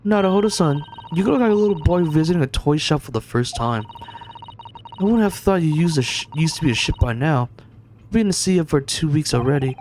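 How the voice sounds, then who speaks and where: A man voicing a courteous young female assistant in a soft, raised voice. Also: on the high side, expressive, fairly quick, a little hiss or hum, natural voice. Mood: polite. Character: polite young woman assistant, gentle.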